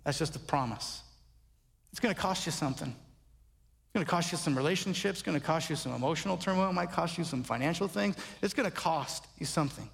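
Pastor, male, high voice, emphatic rhetorical sermon delivery, reverberant hall. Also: brisk, gravelly. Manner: animated, emphatic preaching with rhetorical questions. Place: church sanctuary.

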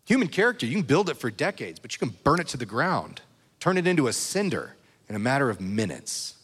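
A man's voice: medium pitch, very animated, a little fast, a bit bright, slightly rough. A man preaching a sermon as pastor, talking in a conversational way and checking in with his listeners. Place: church. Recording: reverberant hall.

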